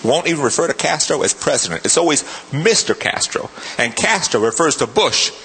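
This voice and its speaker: A male stand-up comedian from New York, working the room with showy, shouted crowd-work. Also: fairly high pitch, big pitch swings, fairly quick. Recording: live club with loud crowd and noise.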